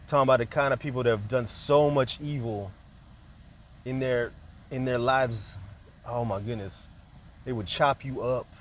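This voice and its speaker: A man of ordinary mid-range pitch holding forth in a casual, unscripted monologue. He rambles and hops between points, dropping easygoing fillers as he goes. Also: moderate pace, long pauses, slight background noise. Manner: loose and conversational, peppered with "man" and "like".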